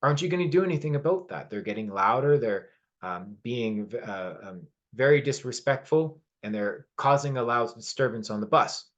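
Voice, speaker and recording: A man's voice: medium pitch, lively intonation, moderate pace, dull audio, close to an everyday voice. A man voicing a frail, irritated old man confronting a stranger on a bus in a spoken story. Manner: indignant, raised complaining voice.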